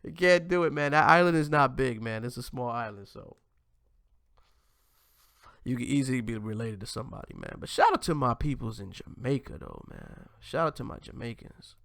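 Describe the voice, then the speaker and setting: A man's voice: medium pitch, moderate pace, creaky, no echo. A man hosting his own online show, talking off the cuff in a mid-range voice. He keeps tacking "man" onto his lines and often stops to restart a thought. The recording is close and dry, with no room sound. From United States. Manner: animated, repeats "man" at ends of lines, frequent restarts. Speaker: host. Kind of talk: casual commentary monologue.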